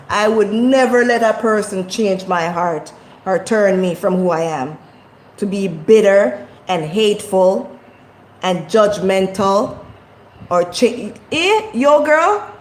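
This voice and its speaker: A woman vlogging in a casual motivational talk, speaking in a passionate, preachy way and repeating her points for emphasis. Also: medium pitch. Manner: impassioned, preachy, repetitive. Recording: echoey room.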